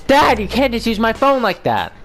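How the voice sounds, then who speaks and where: A man voicing a caring young woman in a game story, pushed well up in pitch. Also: wildly swooping pitch, moderate pace, a bit bright, faint music behind, exaggerated voice. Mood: upset.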